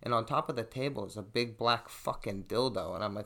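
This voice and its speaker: A man's voice: mid-range voice, a little fast, hardly any pauses. A young man hosting a podcast, telling a story casually and profanely and acting out what people said. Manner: profane, animated storytelling, acts out quotes. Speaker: podcast host.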